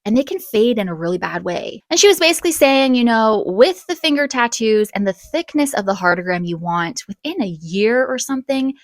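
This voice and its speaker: A woman's voice: a little high, no echo. Chatty young woman vlogger, dry sound. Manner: chatty and animated, quick bursts and gasps. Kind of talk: casual storytime vlog.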